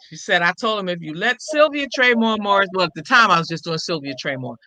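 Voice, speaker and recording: An older woman, a comedian and impressionist, telling a story in an interview and acting out every quoted line with lively shifts in voice. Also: lowish voice, quick pace, slight background noise, low-quality recording.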